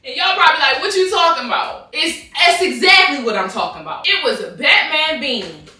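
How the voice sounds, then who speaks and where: A woman, telling a casual storytime to camera in a slangy, animated way and jumping into high voices when she quotes people. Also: fairly quick, far from the mic. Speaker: storytime vlogger. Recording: echoey room, mic set back.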